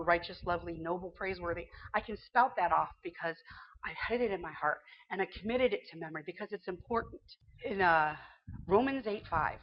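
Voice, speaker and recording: An earnest woman gives a devotional talk in a mid-pitched voice, speaking conversationally and quoting scripture from memory. The recording is dull and lo-fi. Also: slight background noise. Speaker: Christian teacher.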